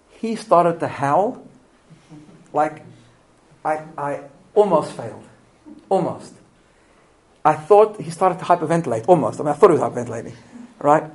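A man's voice: fairly high pitch, fairly quick, rough recording. A middle-aged man giving a live parenting talk to an audience, telling stories with restarts and asking the room questions. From immigrant to Australia. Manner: animated storytelling with restarts and rhetorical questions. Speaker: parenting lecturer.

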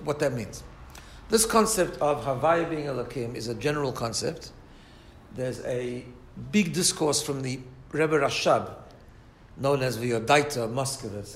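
A man teaching a text study class, reading Hebrew phrases aloud and translating them line by line, often asking questions and checking in with "right?". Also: a little high. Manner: asks rhetorical questions and adds filler checks like "right?". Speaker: Torah teacher.

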